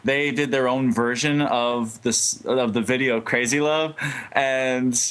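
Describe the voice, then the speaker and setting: A man's voice: medium pitch, steady tone, slow pace, fairly bright tone, clean tone. A man, a band member guest, telling stories in a laid-back, rambling way, laughing as he goes, heard over a video call. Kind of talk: casual storytelling interview.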